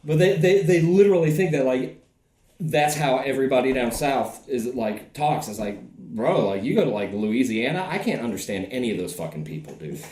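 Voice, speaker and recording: A man's voice: medium pitch, lively intonation, moderate pace, darkish tone, echoey room. A man with a Southern US accent, rambling and swearing in a casual podcast chat, full of fillers. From American South. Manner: profane, rambling, filler-heavy. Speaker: podcast host.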